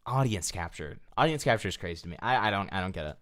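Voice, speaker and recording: Sarcastic man with a lively voice. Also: deep voice, fast. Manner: sarcastic and mocking. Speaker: streamer reacting to a clip. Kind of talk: live-stream commentary.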